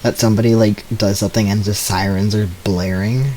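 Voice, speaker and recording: Young male streamer, lowish voice, loose rambling chat, sheepish and self-deprecating. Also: little pitch movement, fairly quick, dark tone, slight background noise, rough recording. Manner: rambling, self-deprecating storytelling with nervous laughs. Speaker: game streamer. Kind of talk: casual gameplay commentary.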